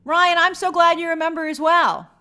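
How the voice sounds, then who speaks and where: A high-pitched woman hosts a casual livestream. She chats upbeat and friendly, reading out viewer comments one after another. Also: steady tone, moderate pace, sharp tone. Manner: upbeat, chatty, reads viewer comments aloud. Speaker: host reading live chat.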